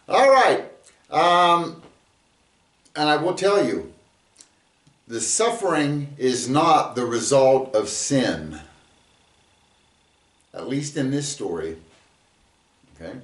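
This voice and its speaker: A man's voice: on the high side, roomy sound. A man giving a casual Bible lesson video, chatty and full of fillers, reading his verse aloud. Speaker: bible teacher.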